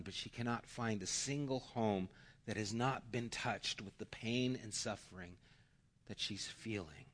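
Guy preaching, telling a story, bright sharp voice, earnest and dynamic. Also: medium pitch. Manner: earnest, dynamic, varied loudness. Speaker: pastor. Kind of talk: sermon with storytelling.

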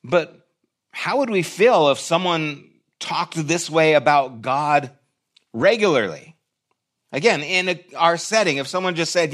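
A man's voice: on the high side, animated, measured pace, fairly bright tone. A man preaching a sermon in a church, reflective and conversational, with short restarts. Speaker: pastor.

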